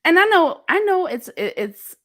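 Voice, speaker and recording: A woman's voice: extremely high pitch, big pitch swings, moderate pace, fairly bright tone. A woman from Pennsylvania hosting a casual chat, telling stories candidly with laughs and swearing. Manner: candid, laughing, profane storytelling. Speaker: host.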